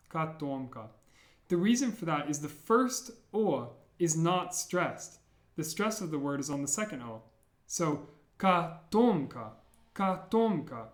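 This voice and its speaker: A man teaching a beginner language lesson, patiently repeating each sound slowly for learners. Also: a little high, roomy sound.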